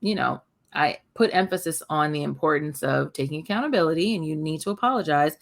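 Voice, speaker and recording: A woman's voice: brisk, creaky. A woman in her thirties co-hosting a podcast, chatting candidly and casually. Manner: candid, chatty, often quotes her toddler in a high voice. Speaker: podcast co-host.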